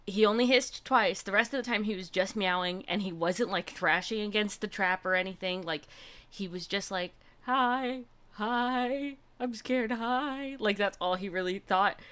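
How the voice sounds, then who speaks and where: A woman's voice: on the low side, sharp tone. A young woman hosting a livestream, chatting casually and gushing through a personal story with lots of fillers. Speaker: livestream host.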